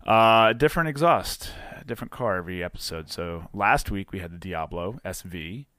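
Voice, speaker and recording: A man's voice: sits low, moderate pace, dry recording, clean studio sound. A man, hosting a podcast in casual, rambling chat and correcting himself as he goes. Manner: relaxed, rambling, self-correcting. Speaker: podcast host.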